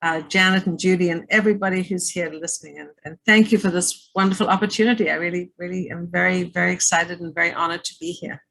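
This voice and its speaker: A woman from South Africa with a fairly low voice speaks as a guest at an online event. She thanks her hosts effusively and tells her story in a rambling, gracious way. She is heard through a computer mic on a video call. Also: steady tone, fast, creaky, hardly any pauses, fairly bright tone, poor audio. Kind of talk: storytelling in a presentation.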